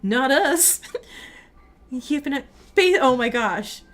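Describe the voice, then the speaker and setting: A woman streamer reacting live to a story, animated and giggly, cracking jokes. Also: high-pitched, slow pace, faint music behind. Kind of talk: livestream watchalong reactions.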